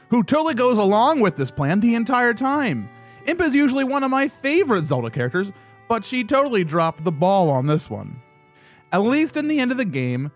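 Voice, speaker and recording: Animated high-voiced man over soft music. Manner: animated, playful asides. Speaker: gaming video host. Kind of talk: scripted video essay commentary. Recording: faint background music.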